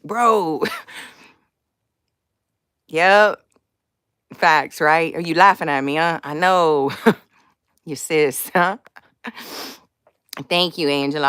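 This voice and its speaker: Woman doing a chill live stream about faith, slangy, laughs a lot, lowish voice, dry sound. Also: clear, resonant tone, no room sound. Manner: slangy, laughs often, animated.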